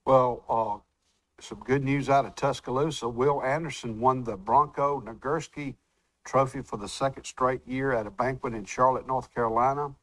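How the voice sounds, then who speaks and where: Man host, mid-pitched, easygoing delivery, dry close sound. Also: steady tone, moderate pace, a bit bright, no room sound, rough recording. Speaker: radio show host. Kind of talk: casual chat and sports news.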